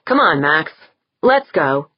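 A woman narrator voicing a calm, reasonable male crewmate in an audiobook. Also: low-pitched, takes it slowly, no echo, highs cut off, heavily acted.

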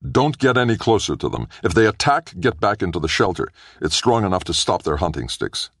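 A man's voice: sits low, very animated, brisk, a bit bright, no echo, clean studio sound, voice pushed up, full character voice. A man voicing a cautious, urgent mission supervisor heard over a radio link in an audiobook. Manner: urgent, warning. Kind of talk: audiobook character voice.

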